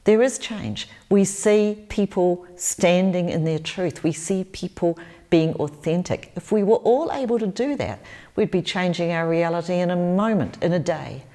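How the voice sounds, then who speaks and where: Low-voiced New Zealand woman, earnest. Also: normal speed. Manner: earnest, warm storytelling with repeated phrases. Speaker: spiritual teacher and channeller. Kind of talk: interview answers.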